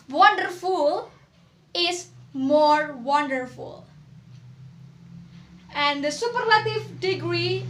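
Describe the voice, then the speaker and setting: A young woman teaches English grammar, speaking slowly and repeating each word for the class. Her voice is very high and bright. The sound carries the echo of a classroom. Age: young adult.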